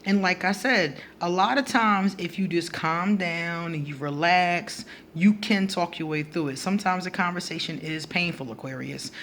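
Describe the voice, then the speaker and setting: A woman talking straight to camera in a casual astrology vlog, blunt and animated, breaking into laughter between her points. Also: fairly low pitch, moderate pace, hardly any pauses, a little hiss or hum. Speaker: astrology vlogger.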